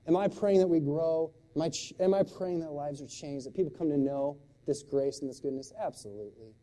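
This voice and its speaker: A middle-aged man preaching a sermon as pastor, shifting from loud, impassioned exclamations to quiet, hushed storytelling. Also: a little high, a little fast, few pauses.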